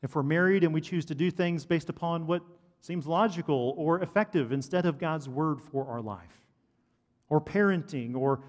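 A man preaching a sermon to a congregation, animated and asking the listeners questions. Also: fairly high pitch. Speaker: pastor. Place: church hall. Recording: long hall reverb.

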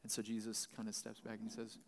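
A man's voice: lowish voice, monotone, quick pace, darkish tone, slight background noise. A man pastor giving Bible teaching, reading a passage and then explaining it plainly. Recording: long reverb, large hall.

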